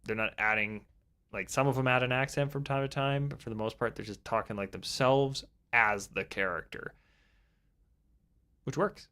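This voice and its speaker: A man's voice: medium pitch, moderate pace, sharp tone, clean tone. A young man giving casual, rambling advice about tabletop role-playing, with frequent fillers and restarts. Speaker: tabletop game YouTuber.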